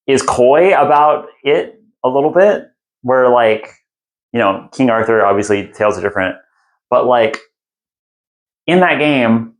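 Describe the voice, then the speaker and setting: A man hosting a casual podcast, telling stories in a rambling, animated way with quick asides. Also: mid-range voice. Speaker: podcast host giving a lecture. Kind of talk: casual chat.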